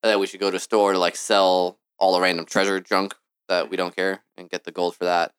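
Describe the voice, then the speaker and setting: A man's voice: low-pitched, flat delivery, brisk, fairly bright tone, a little hiss or hum. A man playing a tabletop game, casually laying out plans for the group. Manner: planning, organized. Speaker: player.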